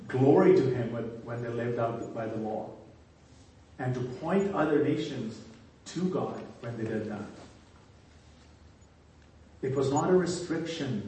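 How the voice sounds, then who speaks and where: A man's voice: medium pitch, darkish tone. A man preaching a sermon in an earnest way, often repeating words as he restarts his phrases. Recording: very echoey hall from far off.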